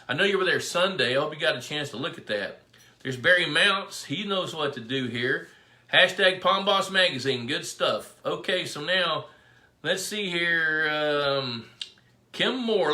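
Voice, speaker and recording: A middle-aged man chats on a live stream from an echoey room, his voice bright and slightly high. He rambles from story to story and calls out viewers by name. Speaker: fisheries biologist hosting a live pond Q&A. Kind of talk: casual live-stream chat. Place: indoor room with his dog.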